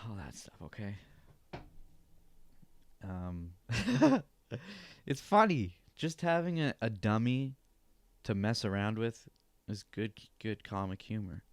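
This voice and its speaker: A man's voice: lowish voice, no echo. A young man hosting a podcast in casual chat, rambling, laughing often and swearing freely. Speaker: podcast host.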